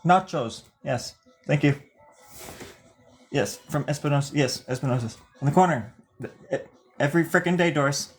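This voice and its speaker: A man's voice: on the high side, moderate pace, long pauses, a little hiss or hum. A man streaming live while drawing, chatting casually and rambling playfully through improvised mock newscaster and boss bits.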